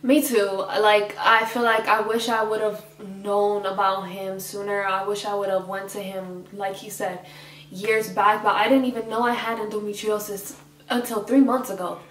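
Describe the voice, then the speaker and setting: A woman co-hosting a couple's vlog, talking in a soft, hesitant and emotional way. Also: medium pitch, steady tone, moderate pace. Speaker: vlog co-host. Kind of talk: casual couple vlog chat. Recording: echoey room, a bit far from mic.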